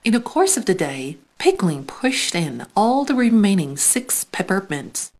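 A woman reading a children's storybook aloud, slowly and expressively. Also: mid-range voice. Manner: slow, expressive read-aloud. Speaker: narrator.

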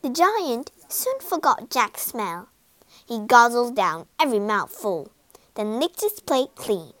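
A woman narrating a children's storybook in an expressive, dramatic way. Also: on the high side, slow pace, dry recording.

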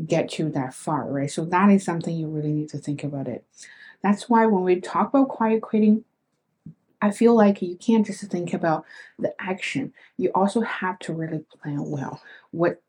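On her solo podcast, a young host talks straight to her audience in a casual, earnest, reflective way. She has a warm, lowish voice, and the low-quality recording carries slight background noise.

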